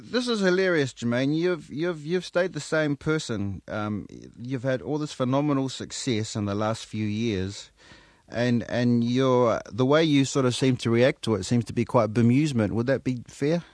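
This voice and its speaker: A man with a New Zealand accent hosts a playful radio chat, swinging between deadpan asides and mock-earnest praise. His voice sits in a middle register, captured close and dry on a studio microphone. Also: medium pitch, normal speed, dry recording. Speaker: radio host.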